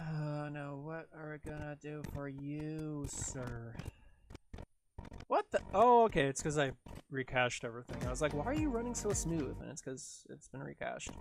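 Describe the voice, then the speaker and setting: Faint music plays behind a Canadian man with a fairly high voice who chats at a measured pace while editing video on a livestream. He rambles, mutters to himself as he works, and leans heavily on "like."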